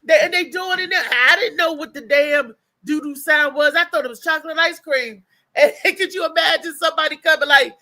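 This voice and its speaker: A woman's voice: sits high, fairly quick. A woman co-hosting a casual livestream chat, telling stories. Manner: animated storytelling with frequent restarts and laughter. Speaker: co-host.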